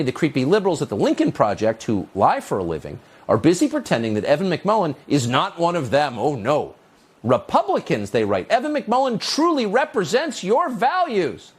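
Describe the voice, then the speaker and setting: Man, news host, sarcastic opinion monologue, husky, very animated pitch. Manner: mocking, sarcastic, pitch leaping on jeers.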